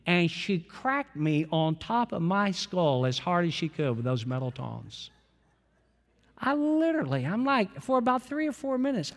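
Guy preaching a sermon, chatty storyteller, big hall reverb. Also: sits high. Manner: conversational storytelling, addresses the congregation directly. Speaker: pastor.

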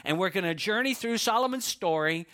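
Bright-voiced male pastor, folksy sermon. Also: sits high, lively intonation, fairly quick. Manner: folksy storytelling, conversational asides. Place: church.

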